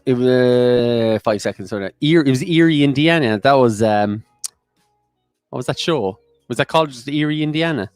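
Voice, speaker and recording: A man's voice: medium pitch, lively intonation, brisk, no room sound. A man co-hosts a casual quiz, guessing uncertainly and laughing often. His voice is dry and close to the mic, with faint music underneath. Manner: unsure guesser, laughs easily. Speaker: quiz co-host.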